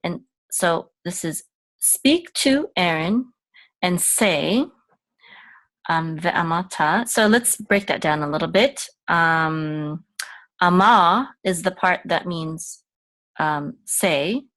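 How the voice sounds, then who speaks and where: Slow patient woman teaching Hebrew. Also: lively intonation, fairly bright tone, no room sound. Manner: patient, repeats syllables, chants cantillation in a higher voice. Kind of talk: slow lesson, sounding out letters and chanting.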